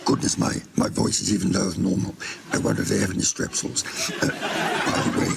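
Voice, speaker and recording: A man playing an older, low-voiced royal wife who pockets presents, in a genteel, chirpy manner. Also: flat delivery, fairly quick. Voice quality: very low, gravelly. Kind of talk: improvised comedy sketch. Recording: noisy studio with audience laughter.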